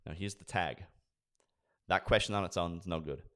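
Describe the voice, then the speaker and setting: A man with a notably deep voice teaches sales staff how to book meetings. He talks with energy and slips into acted role-plays of client conversations. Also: moderate pace. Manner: energetic, acts out sales dialogues. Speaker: sales trainer. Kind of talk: instructional talk with acted role-play.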